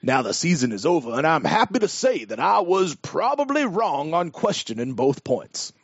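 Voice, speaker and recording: A man's voice: on the high side, very animated, normal speed, breathy edge, no echo, pitched above the performer's own voice, full character voice. A man voicing a blustery southern cartoon rooster, reading out an email in a hammy put-on Southern drawl on a podcast. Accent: put-on American Southern. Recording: dull, dry lo-fi podcast audio.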